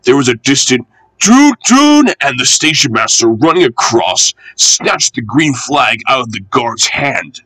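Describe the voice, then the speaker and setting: A man reading a children's railway storybook aloud, expressive and animated. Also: mid-range voice, a little slow, no echo, low-quality recording.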